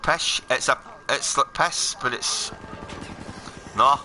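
A man's voice: medium pitch, slow pace, bright, forceful tone, a little hiss or hum. A Scottish man streaming a game, chatting casually and giving his opinions with plenty of swearing. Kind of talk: casual chat while gaming.

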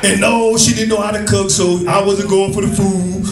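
A man doing stand-up comedy, telling loose, profane, animated stories and bantering with the crowd. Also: high-pitched, moderate pace, recorded from a distance, over loud music. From Brooklyn, New York. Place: comedy club. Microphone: handheld stage mic. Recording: echoey club recorded from afar, crowd.

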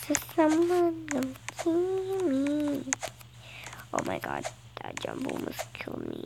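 A woman giving excitable, dramatic let's-play commentary to her viewers, recorded on a phone. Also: high-pitched, unhurried, creaky, a little hiss or hum, rough recording. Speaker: gaming channel host. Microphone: phone screen recording.

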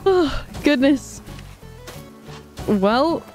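Woman game streamer, bubbly and chatty, reads chat aloud, slightly higher voice. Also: lively intonation, extremely slow, a little mellow, soft background music. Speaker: livestreamer. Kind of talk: casual livestream chat while playing.

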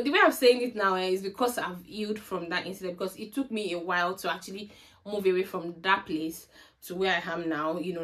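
A woman from Nigeria with a Nigerian accent, telling a personal story in a storytime vlog and acting out the dialogue. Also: medium pitch. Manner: animated storytelling that acts out remembered dialogue. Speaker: vlogger.

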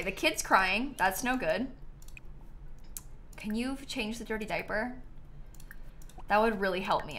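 A young woman chatting casually to her viewers while playing a game live, animated and talking back to the game. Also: mid-range voice. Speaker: streamer. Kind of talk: casual live-stream gameplay chat. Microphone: headset.

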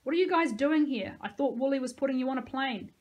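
A woman reading aloud, voicing a hurried male army medic. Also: sits high, expressive, darkish tone, pitched above the performer's own voice. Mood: urgent.

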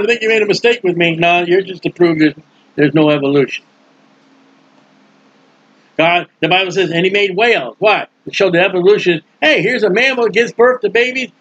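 A man preaching a casual, animated sermon, acting out the voices in his stories in colloquial speech. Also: high-pitched, muffled recording. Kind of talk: sermon with acted-out scenes.

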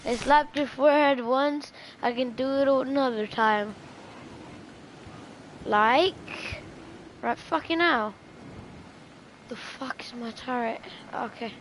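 A woman giving gameplay commentary, full of profane, excitable trash talk. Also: high voice, slow pace, long pauses. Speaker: gamer. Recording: noisy game audio behind. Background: game sounds and gunfire.

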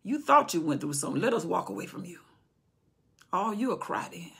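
Husky woman preaching with dramatic swings. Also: fairly low pitch, sing-song, brisk. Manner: dramatic, swings from loud preaching to hushed whispers. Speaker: Bible teacher. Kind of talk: preaching Bible commentary.

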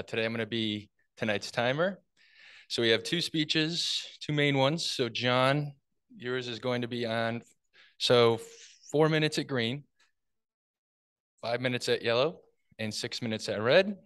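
A man's voice: mid-range voice, a little slow, a bit bright, clear, resonant tone, no echo. A man acting as timer, laying out speech timings in a plain, methodical way. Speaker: timer at a speaking club. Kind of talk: announcing meeting timings.

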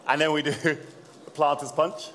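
A man's voice: on the high side, level tone, normal speed, a bit bright. A man giving a live cocktail demonstration at a trade-show seminar, talking in a jokey, chatty way and addressing the audience as he mixes drinks. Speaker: bartender presenting a seminar. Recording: long hall reverb.

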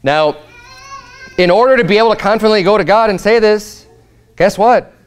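A man's voice: high voice, normal speed, clear, resonant tone. A pastor preaching a sermon in a conversational, earnest way, often restarting his sentences. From United States. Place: church sanctuary.

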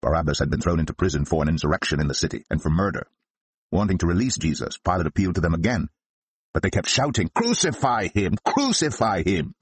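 A man narrates scripture in a steady, measured reading. His voice is very low and husky, recorded close and dry. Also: no echo. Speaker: Bible reader.

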